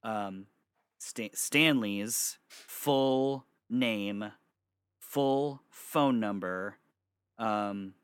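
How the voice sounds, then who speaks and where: A young man in his bedroom telling a story for his vlog, animated and swearing freely. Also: lowish voice, very slow, smooth, no echo, studio quality. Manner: animated, swearing, breaks into laughter. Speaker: vlogger.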